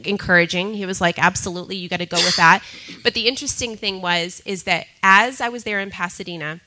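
A woman sharing a personal testimony with a group, talking in an animated way and often breaking into laughter. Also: mid-range voice, rough recording. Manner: laughs often, excitable, repeats herself.

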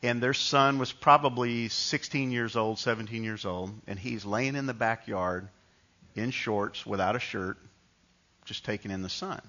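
New york pastor preaching, chatty storytelling, bright punchy voice, kinda muffled audio. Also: male voice, fairly low pitch, unhurried. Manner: conversational storytelling with frequent restarts. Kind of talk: sermon.

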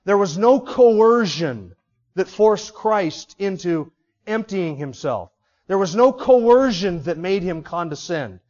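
A man's voice: high voice, animated, takes it slowly, darkish tone, dull audio. A man preaching an expository sermon as pastor, teaching emphatically through rhetorical questions.

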